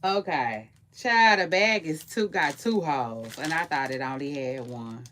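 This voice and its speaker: Woman, live-stream gossip, unhurried delivery, lively swinging pitch. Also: slight background noise. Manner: animated, playful, frequent "child" and quick laughs.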